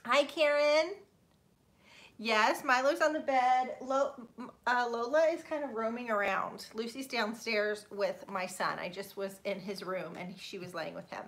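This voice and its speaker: Fairly high in pitch, a bit bright, and a little slow, this woman from Florida hosts a live stream in a casual, chatty way. She greets viewers by name, laughs frequently, and makes self-deprecating apologies for mispronouncing names.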